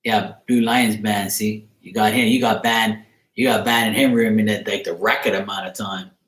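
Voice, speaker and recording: A man's voice: lowish voice, steady tone, normal speed, fairly bright tone. A man hosting a casual tarot livestream, teasing and joking with his viewers. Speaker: tarot reader and streamer host. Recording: roomy echo.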